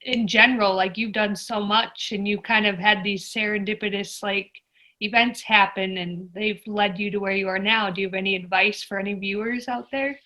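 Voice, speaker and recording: A woman's voice: mid-range voice, steady tone, normal speed, pushed and bright. A woman hosting a casual interview, laughing often and reacting encouragingly to her guest. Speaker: interview host.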